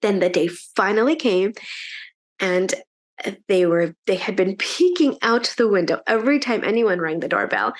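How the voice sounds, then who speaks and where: A woman telling a children's story at church in an animated, chatty way, with frequent fillers. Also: medium pitch, normal speed.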